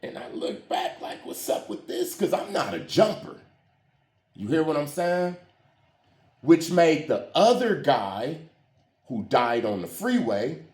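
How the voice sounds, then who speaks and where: A man's voice: mid-range voice, a little mellow. A man telling a story from his own life in casual, slangy street talk, often checking in with "you hear what I'm saying". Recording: roomy echo.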